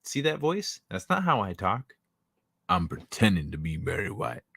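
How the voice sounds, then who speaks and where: Low-voiced joking stream host, a man. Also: sing-song, moderate pace, creaky, sharp tone, no echo. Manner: joking, crude, banters with chat. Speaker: livestream host. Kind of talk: casual late-night stream chat.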